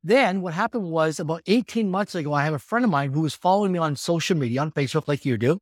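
A man in his fifties, a podcast guest telling his story with energetic, animated delivery. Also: on the high side, fast talker, no echo, clean studio sound. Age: 50s. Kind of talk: storytelling in conversation.

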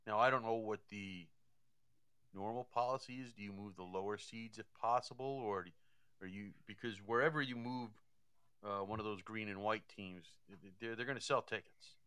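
Male hockey analyst: low, smooth, dry-miked, thinks out loud with lots of restarts. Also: fairly even intonation, moderate pace, dry recording. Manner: thinks aloud, repeats words. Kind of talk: casual sports talk.

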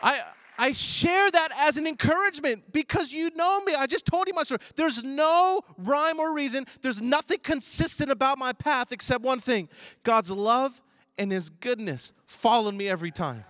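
High-voiced animated man preaching. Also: normal speed, no echo, clean studio sound, some chatter behind. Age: 30s. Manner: animated preacher, swings between loud emphasis and low asides. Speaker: pastor. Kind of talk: sermon.

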